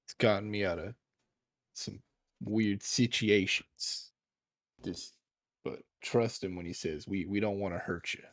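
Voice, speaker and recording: A man doing a folksy, easygoing fellow who reassures a stranger. The voice is very low and the sound is dry. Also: fairly even intonation, measured pace, long pauses, no room sound. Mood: reassuring. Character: folksy older man vouching for his friend. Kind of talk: tabletop role-play in character.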